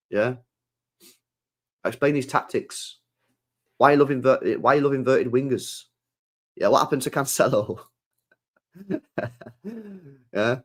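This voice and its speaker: A young man, hosting a casual football stream, rambling in slangy, animated asides. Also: medium pitch, slow, long pauses. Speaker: football channel host. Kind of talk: casual livestream chat.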